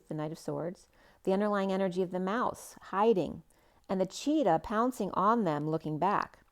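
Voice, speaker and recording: A woman with a mid-range voice gives a spiritual tarot reading, free-associating and rambling with lots of fillers. Her phrases often trail off, and she sometimes draws words out slowly.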